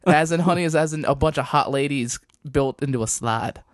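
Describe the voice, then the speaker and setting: A man co-hosting a podcast in casual banter, brash and crude, swearing constantly and cutting in quickly. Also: fairly high pitch, no room sound, clean studio sound. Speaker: podcast co-host. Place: podcast studio.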